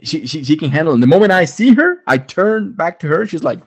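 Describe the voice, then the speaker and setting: Young dad on a casual podcast, husky and dry, profane, tells stories with a laugh. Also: male voice, fairly high pitch, brisk, no room sound. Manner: profane, animated storytelling with laughter. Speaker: podcast co-host, father of a baby daughter. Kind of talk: casual chat.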